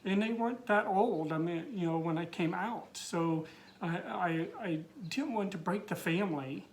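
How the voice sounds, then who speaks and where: A middle-aged man telling his personal coming-out story, teary and halting, with many fillers and restarts. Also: high-pitched, a little hiss or hum.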